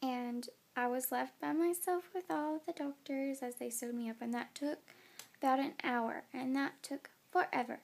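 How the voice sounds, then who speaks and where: A woman's voice: high-pitched, steady tone, moderate pace, gravelly. A tired young woman and new mother recording a casual phone vlog, chatty with many fillers and yawning. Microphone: phone camera.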